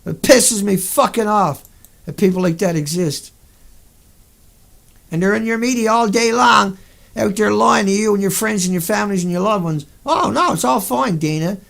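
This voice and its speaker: A man with a raised, high voice roughened by heavy fry. He talks as a video host in a furious, profane rant that breaks into sudden outbursts. His anger carries through every line. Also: steady tone, normal speed, fairly bright tone. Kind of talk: angry monologue over pictures.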